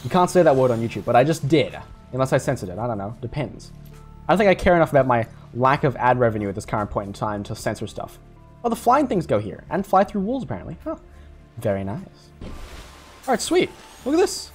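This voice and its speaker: Lively, jokey young man gaming. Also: medium pitch, fast, soft background music. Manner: jokey, rambling, swears and laughs. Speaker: gaming YouTuber. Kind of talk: casual gameplay commentary.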